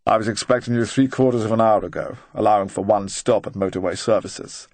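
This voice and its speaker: A narrator puts on a retired agent of fifty, quiet and deliberate, who lets every word land slowly in a low voice. The recording is close and dry, with no room sound at all. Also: male voice, fairly even intonation, no room sound, natural voice. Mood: dry, probing.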